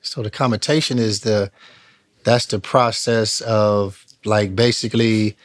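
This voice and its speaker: Low-voiced male interviewer. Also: steady tone, measured pace. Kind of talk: casual interview chat.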